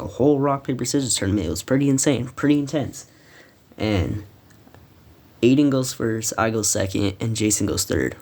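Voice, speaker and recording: Teen dude with a low-ish voice, swearing a lot, stumbling and restarting while he tells a story. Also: a little mellow. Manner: rambling, profane, frequent restarts. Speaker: storytime vlogger. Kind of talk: casual storytelling.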